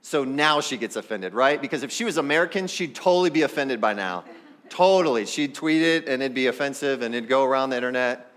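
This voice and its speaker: A man's voice: mid-range voice, brisk, fairly bright tone. A man preaching a sermon as pastor, talking straight to the congregation in a conversational way. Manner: acts out the people in the story.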